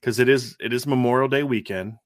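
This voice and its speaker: A man's voice: medium pitch, brisk, no room sound, clean studio sound. A man in his thirties co-hosting a casual football podcast, talking emphatically and repeating his points. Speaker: co-host of a college football show.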